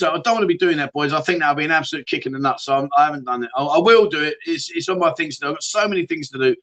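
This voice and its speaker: A man's voice: a little high, rapid-fire, hardly any pauses, fairly bright tone. A middle-aged man hosting a casual livestream, reading out viewer comments and bantering with them in a chatty, jokey way. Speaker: livestream host.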